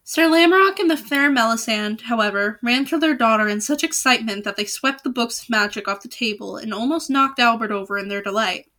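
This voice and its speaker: A storybook reader, this young woman moves through a children's novel quickly, barely pausing. Her voice is clear, bright and a touch high, and she drifts naturally into lighthearted, jokey asides between sections.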